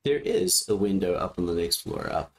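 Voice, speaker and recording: A man running a tabletop game as game master, describing scenes in a halting way over a voice call. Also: sits low, lively intonation. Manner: halting, with many restarts and fillers.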